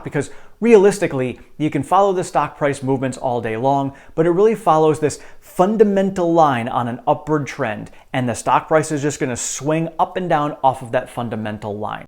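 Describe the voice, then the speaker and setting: A man's voice: a little high, a little mellow. A man talking casually to his viewers about stock market analysis, acting out investors' worried thoughts.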